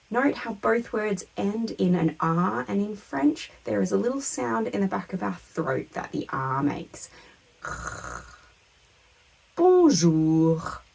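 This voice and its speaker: A woman teaching a beginner French lesson to camera, speaking patiently and modelling each word clearly for learners to repeat. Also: mid-range voice, poor audio.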